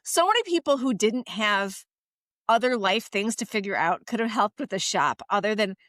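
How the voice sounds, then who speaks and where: A woman's voice: medium pitch, moderate pace, no room sound. Emphatic woman, dry close sound. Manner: emphatic, animated storyteller. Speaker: podcast co-host. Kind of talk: casual podcast chat about TV dramas.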